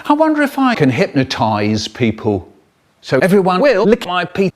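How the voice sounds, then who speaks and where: Animated man telling stories. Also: sits high, moderate pace. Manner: animated, playful, exaggerated voices and swoops. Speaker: children's storyteller. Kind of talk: comic storytelling, spliced edit.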